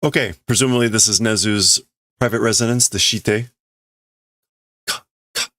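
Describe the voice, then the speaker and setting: A man's voice: lowish voice, moderate pace, no echo, studio quality. A man hosting a casual livestream, thinking aloud as he reads and translates a manga. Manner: musing, thinking aloud, laughs softly. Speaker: livestream host.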